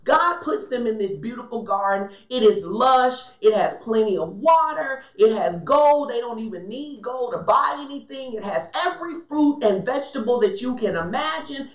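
A woman's voice: on the high side, expressive, normal speed, hardly any pauses, roomy sound, lo-fi sound. A woman preaching a sermon in a conversational, emphatic way, often turning to the congregation for responses.

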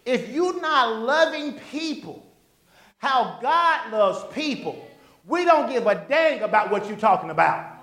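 A male pastor preaching a sermon, animated, throwing call-and-response questions to the congregation. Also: very high voice, unhurried. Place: church sanctuary. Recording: echoey church hall.

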